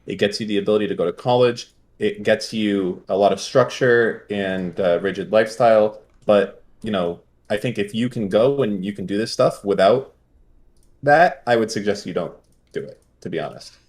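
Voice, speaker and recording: A man's voice: on the low side, normal speed, darkish tone. A man hosting a call-in stream, talking bluntly, teasing the caller and swearing often. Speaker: host. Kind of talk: casual call-in chat.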